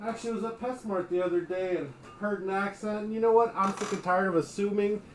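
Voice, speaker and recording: A man's voice: high voice, steady tone, fast, noisy background. A man hosting a casual livestream, chatting in a rambling way with his viewers and his dogs. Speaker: livestream host.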